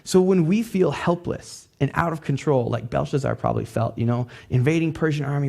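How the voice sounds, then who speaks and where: Man, pastor, conversational sermon, gravelly voice, mellow tone. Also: mid-range voice, a little fast, few pauses. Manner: conversational, loose with "like" fillers.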